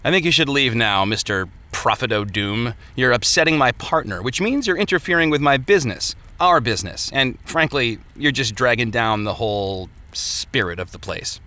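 A man's voice: medium pitch, expressive, moderate pace, hardly any pauses, pushed and bright. A man voicing a brash, scornful male reveler who talks in a mocking, bossy way.

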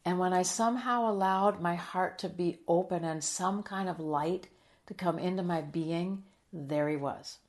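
A middle-aged woman in a heartfelt interview, telling a personal story with earnest emotion, sometimes dropping soft and quiet. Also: fairly low pitch, a little slow. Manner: earnest and emotional, drops soft and quiet, then lively when quoting. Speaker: guest.

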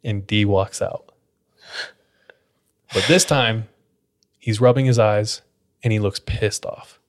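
Taking it slowly in a fairly low voice, a podcast host casually tells a spooky story. He leans on "like" again and again in his easygoing retelling.

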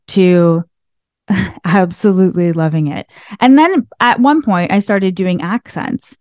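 A woman hosts her own podcast in a relaxed, chatty monologue, often laughing and leaning on "like." Her voice sits at an ordinary middle pitch. It is recorded close and dry at a desk. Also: measured pace, no room sound. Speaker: podcast host. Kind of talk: casual motivational monologue. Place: small room behind a desk. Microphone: desk microphone.

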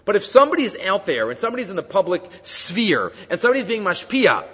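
High-voiced rabbi lecturing in an echoey hall. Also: male voice, quick pace, few pauses, slightly rough. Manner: lively, storytelling, quoting and explaining texts. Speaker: rabbi teaching a class. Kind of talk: Torah class lecture. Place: classroom with handouts. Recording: dull lo-fi recording in a reverberant hall.

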